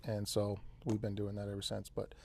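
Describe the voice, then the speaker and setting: This off-grid channel host speaks in a lowish, creaky, monotone voice with a dark tone, at normal speed. He's a central Californian man on a live stream, chatting in a loose, rambling way and saying "man" and "dude" a lot.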